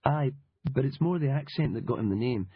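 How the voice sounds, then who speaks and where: A man with a husky voice voicing a sharp, sardonic Scottish woman journalist with a blunt, profane manner, in an audiobook. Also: mid-range voice, animated, a little fast, dry recording. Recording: dull lo-fi audiobook recording.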